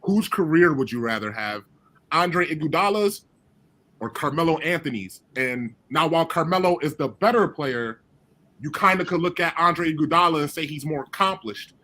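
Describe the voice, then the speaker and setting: A man co-hosts a sports talk radio show, his voice a little high and bright. He raises questions in an easygoing, casual way. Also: lively intonation, normal speed.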